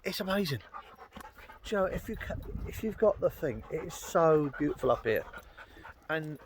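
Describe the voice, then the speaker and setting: Bloke rambling on a hill walk, lots of ums, faint outdoor noise. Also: male voice, fairly high pitch, animated, moderate pace. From London. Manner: chatty, rambling, full of ums and uhs. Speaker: outdoors vlogger. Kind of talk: rambling casual vlog chat. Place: outdoors on a Welsh hillside. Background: dogs nearby.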